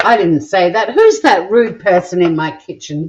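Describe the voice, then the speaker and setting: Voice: medium pitch, big pitch swings, moderate pace, few pauses, a little mellow, lo-fi sound, slight background noise. A home cook with an Australian accent chatting casually while cooking in a home kitchen, joking crudely and rambling as they go. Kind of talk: casual cooking vlog chat.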